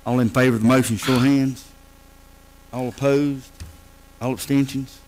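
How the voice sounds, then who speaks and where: A man chairing a county council meeting, calling motions and votes in a brisk procedural way. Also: medium pitch, little pitch movement, darkish tone, poor audio.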